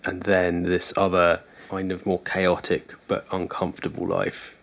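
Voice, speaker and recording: Man, podcast host, deep gravelly voice, musing, light laughs. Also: completely flat delivery, unhurried, fairly bright tone. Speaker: podcast host and improvising musician. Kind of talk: casual podcast chat.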